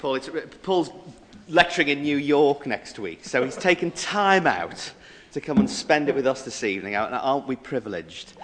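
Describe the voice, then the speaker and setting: A man hosting the evening who thanks the speaker and leads a closing prayer in an animated way. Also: medium pitch, normal speed, crowd noise. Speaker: host. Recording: echoey hall with faint noise.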